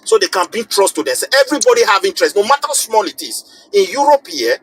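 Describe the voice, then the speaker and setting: A Nigerian man rings a live show to make a passionate political case, speaking fast in a high, husky, sing-song voice. Repeating himself and starting phrases over, he drives his point with emphasis. The recording is rough.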